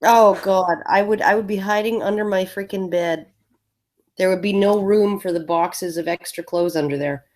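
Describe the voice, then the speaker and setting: A woman's voice: medium pitch, normal speed, darkish tone. A woman co-hosting a podcast in casual chat, dry and sarcastic, often restarting her words. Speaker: podcast co-host.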